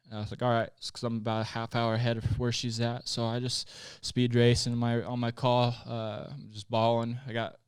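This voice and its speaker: A man's voice: medium pitch, completely flat delivery, brisk, hardly any pauses, clear, resonant tone, no echo, studio quality. A man in his late twenties from Utah, a podcast guest telling a personal story in casual conversation, candid and plainspoken, with frequent swearing. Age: late 20s.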